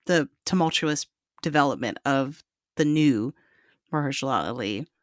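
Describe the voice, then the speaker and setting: A film review podcast co-host chatting casually, laughing often and jumping in quickly. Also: medium pitch, no room sound, studio quality.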